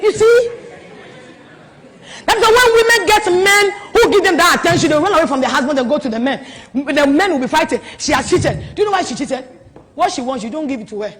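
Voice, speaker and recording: Woman preacher, high voice, animated delivery, long hall reverb. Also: a little fast. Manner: animated, swings from soft to loud exclamations. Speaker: prophetess. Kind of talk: preaching at a marriage conference.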